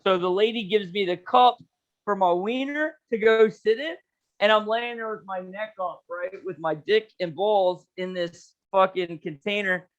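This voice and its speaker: A young man with a notably high voice tells a story on a podcast. He is animated and slangy, swears freely and drops "dude" into nearly every sentence. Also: normal speed, muffled recording. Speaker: podcast co-host. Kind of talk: casual storytelling chat.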